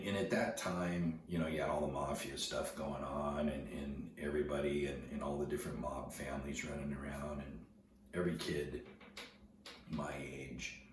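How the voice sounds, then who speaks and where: A middle-aged man telling a personal story in a halting way, often repeating words as he recalls events. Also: rumbling low. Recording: very echoey room, distant mic, noticeable background noise.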